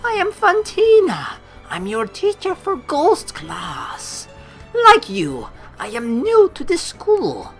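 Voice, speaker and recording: A theatrical, dreamy French ghost teacher from a visual novel, played by a woman. She speaks in a high, lilting mock-French accent, melodramatic and flowery, her voice looping up and down in big swings. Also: huge pitch swings, takes it slowly, faint music behind, exaggerated voice.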